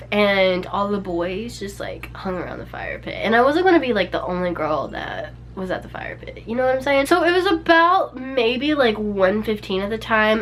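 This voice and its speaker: A woman's voice: medium pitch, fairly bright tone, slight background noise. A young woman vlogger telling a personal story in a casual, chatty way, peppered with "like" and small laughs. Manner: chatty, many "like"s and little laughs.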